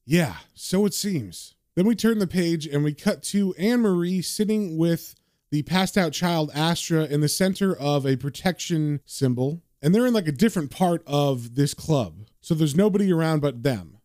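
A man's voice: fairly high pitch, animated, moderate pace, mellow, dry recording, studio quality. Man casually retelling a comic. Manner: casual, conversational, with fillers. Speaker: comic book reader and host.

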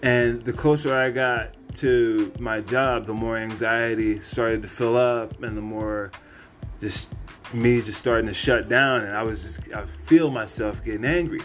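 A man's voice: mid-range voice, steady tone, measured pace, fairly bright tone, soft background music. A man hosting a podcast, telling a personal story in a candid, rambling way with plenty of cursing. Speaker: podcast host.

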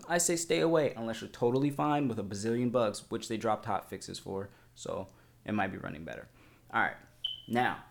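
A man's voice: lowish voice, creaky. Rambling young man gushing about a game. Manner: excitable, rambling, heavy slang and filler "like"; swears casually. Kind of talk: casual gaming vlog chat.

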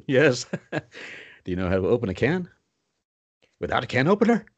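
An older man telling stories as an interview guest, animated, with sudden pitch swoops. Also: moderate pace, long pauses, dull audio. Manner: puts on Southern voices for quoted people. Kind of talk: storytelling in a podcast interview.

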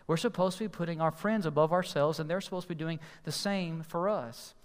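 A man preaching a sermon as pastor, earnest and emphatic, slowing to stress key phrases. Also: on the high side. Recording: long hall reverb.

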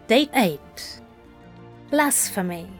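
A woman reading fan fiction aloud in a measured, expressive way. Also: fairly high pitch, soft background music.

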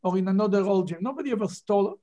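A man's voice: high-pitched, rapid-fire, mellow, lo-fi sound. Man, Bible class teacher, emphatic, rhetorical questions. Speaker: rabbi teaching a Torah class.

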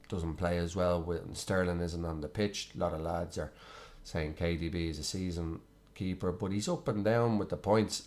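A man with a fairly low voice hosts a loose, casual football chat. He rambles from point to point, filling pauses with ums, in an easygoing, chatty way. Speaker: host.

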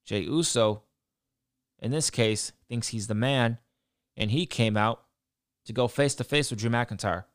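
A man's voice: mid-range voice, a little slow, long pauses, clean tone, no room sound, studio quality. A man giving a casual, blunt recap of a show, swearing freely and ranting about what he disliked. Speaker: wrestling show reviewer.

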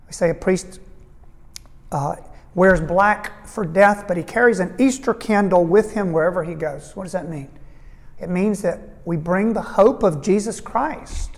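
A male priest preaching at a retreat, his words ringing with long reverb through a large hall. He tells stories in a lively way, acts out the people he quotes, and leans hard on the lines he wants to stick. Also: high voice. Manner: storytelling, voicing quoted people; earnest, fervent emphasis. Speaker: priest giving a retreat talk. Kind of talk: retreat talk to an audience.

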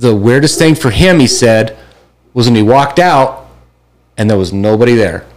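A man's voice: mid-range voice, expressive, moderate pace, darkish tone. Guy hosting a loose chat, rambles and restarts his questions, average voice. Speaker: host. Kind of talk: casual chat.

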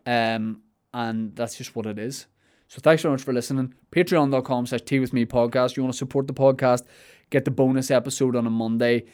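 A young man chatting as podcast host at a middle pitch. He rambles, restarts his sentences and drifts into playful asides while he answers listener questions. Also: fairly even intonation, brisk, a little mellow.

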